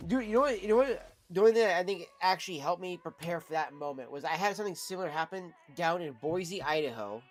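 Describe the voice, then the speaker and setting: Guy with a pretty high voice swearing his way thru a story for his stream chat, faint music going behind. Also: fast, few pauses. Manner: rambling, profane, animated. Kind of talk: casual storytelling to live chat.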